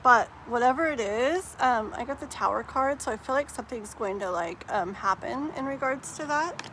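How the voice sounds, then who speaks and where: A woman reads tarot cards live and talks in a loose, rambling way, full of "like" and "um." Her voice sits a little high. A faint noise runs under the recording. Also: expressive, normal speed, a bit bright. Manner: chatty, rambling, many "like" and "um" fillers. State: tearful while telling a sad story. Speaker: tarot reader. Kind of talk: live stream tarot reading, casual chat.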